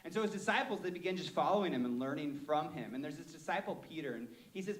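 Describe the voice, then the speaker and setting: A young man preaching to a youth group, telling a story in an animated, self-deprecating way, with lots of fillers. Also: fairly high pitch, fast talker, few pauses. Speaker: youth pastor. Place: room full of listeners. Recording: echoey room with faint hiss.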